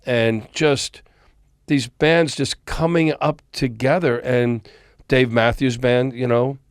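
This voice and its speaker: This storytelling interview takes place in a recording studio, where a music industry veteran guests on a podcast and animatedly acts out the dialogue of the people he describes. His medium-pitched voice is slow, clear and resonant, recorded dry at studio quality.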